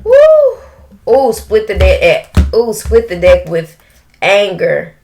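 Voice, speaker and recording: A woman giving an emotional tarot reading, breaking into drawn-out exclamations. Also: medium pitch, vocal fry, darkish tone, slight background noise. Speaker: tarot reader.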